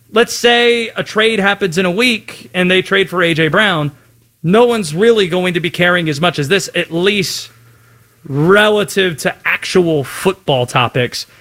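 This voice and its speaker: A man co-hosting a sports talk show, arguing his points in a casual, quick back-and-forth. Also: high-pitched, bright, forceful tone. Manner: argumentative, quick asides. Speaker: sports podcast co-host.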